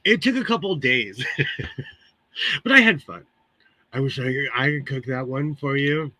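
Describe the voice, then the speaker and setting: A man's voice: medium pitch, expressive, a little slow, bright, forceful tone, no room sound. A Californian man hosting a live sewing stream, chatting casually with viewers and laughing often between remarks. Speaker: livestream host. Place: home sewing room.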